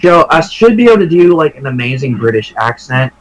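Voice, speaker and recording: A young man in casual gaming commentary with a medium-pitched voice. He rambles and jokes, dropping curses constantly. His talk is loose and unpolished. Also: big pitch swings, a little fast, low-quality recording. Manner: swears a lot, joking, rambling. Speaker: let's play co-commentator.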